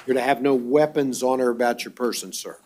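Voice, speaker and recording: A man serving as a judge at a bond hearing, speaking in a measured, formal way with frequent fillers. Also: medium pitch, darkish tone, a little hiss or hum.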